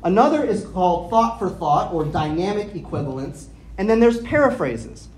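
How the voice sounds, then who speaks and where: A woman preaching a teaching sermon, her pitch moving a lot as she explains. She walks her listeners through the text and checks in with them through questions. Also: very animated, a little mellow. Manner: explanatory, asks the audience questions; spells out Greek words slowly. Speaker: pastor.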